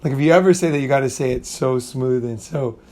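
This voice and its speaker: A man's voice: mid-range voice, fast, mellow. A middle-aged man telling a rambling, profane story in casual talk, often restarting sentences and acting out what people said. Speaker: channel host.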